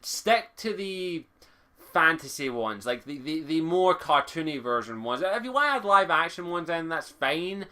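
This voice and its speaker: A man's voice: fairly high pitch, sing-song, measured pace, sharp tone. A young Scottish man giving an exasperated, sweary game review, repeating his complaints. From Scotland.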